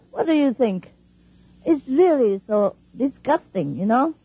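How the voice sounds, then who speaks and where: A woman's voice: high-pitched, animated, slow pace, mellow, husky, no room sound, rough recording. A woman spiritual teacher talking informally and emphatically to her followers, laughing often and speaking in non-standard English.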